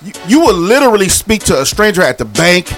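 Fast-talking man arguing in casual chat. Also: high voice, faint music behind. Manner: animated, acts out other voices while arguing.

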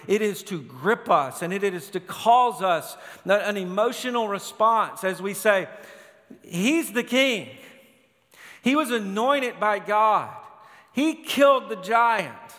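Pastor guy preaching slow, fairly high voice, big echoey hall. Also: a bit bright. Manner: expository preaching with rising emphatic peaks. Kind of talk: sermon.

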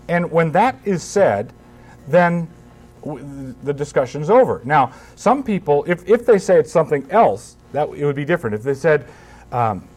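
A man's voice: a little high, big pitch swings, normal speed, darkish tone, breathy edge. A man speaking as a pastor at a conference, conversational and emphatic, with wry humor and frequent restarts. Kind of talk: conference talk.

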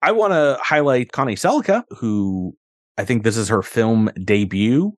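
A man co-hosting a podcast, chatting about a film in a relaxed way, laughing often and hesitating with fillers. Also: medium pitch, moderate pace, no echo, studio quality. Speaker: podcast co-host. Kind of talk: casual film-review chat.

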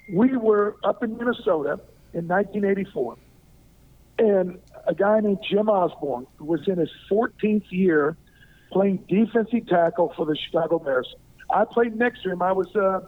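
High-voiced older man on a tinny phone line. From Arkansas. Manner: lively anecdotal storyteller who acts out quoted lines. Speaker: guest, former pro football player. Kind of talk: interview storytelling.

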